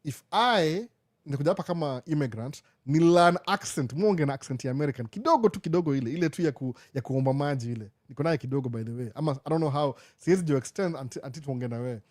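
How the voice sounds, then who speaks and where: Fast-talking Kenyan man, mellow voice. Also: fairly high pitch, animated. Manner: code-switching between Swahili and English, repeating catchphrases. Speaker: live show host. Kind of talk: casual live Q&A chat.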